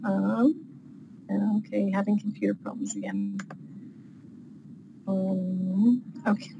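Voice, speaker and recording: A woman author explains writing rules in a chatty, loose manner, with plenty of fillers. Her voice is at a middle pitch, with faint noise in the background. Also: sing-song, slow, vocal fry, dull audio. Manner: chatty, with frequent fillers and light laughs. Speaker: author guest. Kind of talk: casual teaching interview.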